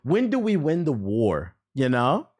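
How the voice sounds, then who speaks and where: Male gaming commentator, lively swinging pitch, blunt and profane, soft music behind him. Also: unhurried. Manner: blunt, animated, swears freely, mocks what he reads. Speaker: gaming commentator reacting to an article. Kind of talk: casual profane reaction commentary.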